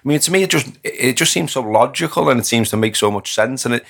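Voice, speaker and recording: A man hosting an interview podcast, talking in a relaxed, rambling way as he thinks aloud. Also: medium pitch, fast, creaky. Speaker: podcast host. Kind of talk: conversational interview.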